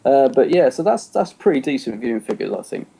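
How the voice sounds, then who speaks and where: Man, podcast co-host, casual rambling chat, warm mellow tone. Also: mid-range voice, sing-song, brisk, gravelly, slightly rough. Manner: chatty, rambling, laughs often.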